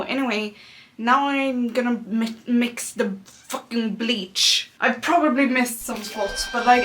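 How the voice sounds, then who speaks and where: A woman's voice: fairly high pitch, fairly bright tone, slight background noise. Young woman vlogging, far from mic. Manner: swears constantly, frustrated and self-mocking. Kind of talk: casual talk to camera. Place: at home, late at night. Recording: distant mic with music behind.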